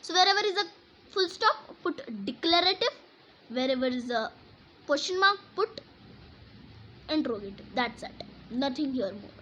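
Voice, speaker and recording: A woman's voice: high-pitched, expressive, normal speed, pauses often, sharp tone, slight background noise, low-quality recording. A woman teaching a grammar lesson, explaining and reading example sentences aloud with emphasis.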